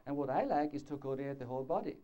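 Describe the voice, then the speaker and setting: A man's voice: medium pitch, lively intonation, rapid-fire. A man giving a live conference lecture on orthodontics, talking in a discursive way, demonstrating with gestures and checking in with the audience. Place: lecture hall before an audience. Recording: dull lo-fi 1990s conference tape.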